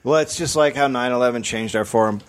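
A man's voice: mid-range voice, fast talker, clean tone. A man co-hosting a comedy podcast in casual chat, dropping dry, teasing quips.

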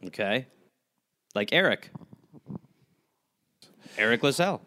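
Lively bright-voiced man joking around. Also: mid-range voice, slow pace. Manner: jokey, teasing interjections. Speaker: podcast co-host, comedian. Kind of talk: casual comedic chat.

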